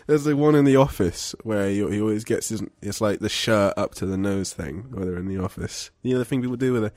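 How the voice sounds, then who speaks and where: A young man with a fairly low voice chats on a podcast in a deadpan, self-mocking, crude way. The sound is dry and close. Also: quick pace, dry recording. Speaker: podcast co-host. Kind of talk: casual chat.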